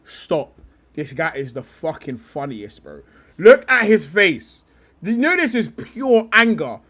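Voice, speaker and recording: An excitable young male streamer talking casually in quick bursts, breaking into laughter often. His voice sits high and swings widely in pitch. He reacts loudly and swears without a second thought. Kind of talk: casual live-stream chat.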